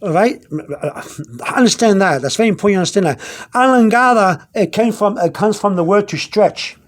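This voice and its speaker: Halting high-voiced man teaching vocabulary. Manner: halting, repeats himself, many fillers; searches aloud through his notes. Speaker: language teacher. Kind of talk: unscripted video lesson.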